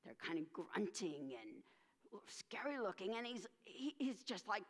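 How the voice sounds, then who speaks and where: A woman minister telling a story during a church service, animated, with dramatic pauses and acted voices. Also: mid-range voice. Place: church sanctuary. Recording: reverberant church sanctuary.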